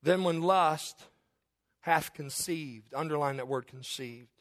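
A high-pitched male preacher delivering a sermon. He reads scripture slowly in a lowered voice, then rises loud and high for emphasis. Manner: swings from low measured scripture reading to loud rising emphasis. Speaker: pastor.

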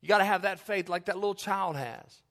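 A middle-aged male pastor preaching a sermon, moving between loud, high passages and low, quiet appeals to the congregation. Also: a little fast. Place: church sanctuary. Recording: long church hall reverb.

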